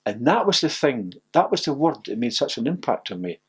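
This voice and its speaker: Older Scottish man, ex-footballer, anecdotal and lively, a little husky. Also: mid-range voice, a little fast. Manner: storytelling, laughs often, acts out quotes. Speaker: former footballer interviewee. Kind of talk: reminiscing interview.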